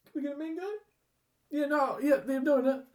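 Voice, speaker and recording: A man's voice: steady tone, fairly quick, a little mellow. A man voicing a fussy, flustered male film commission head with a New Zealand accent, talking in a raised voice. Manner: chatty, flustered, high-pitched.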